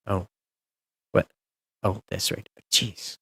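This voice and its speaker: A man's voice: fairly high pitch, sing-song, normal speed, no room sound, clean studio sound. A man hosting a livestream, ranting in a sarcastic, sweary, exasperated way. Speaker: livestream host. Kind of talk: casual ranting stream commentary.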